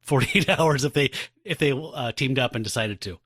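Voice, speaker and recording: A man's voice: medium pitch, moderate pace, fairly bright tone, breathy edge, no echo, studio quality. A man co-hosting a podcast, retelling a comic in casual chat and acting out lines with funny voices. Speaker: podcast co-host.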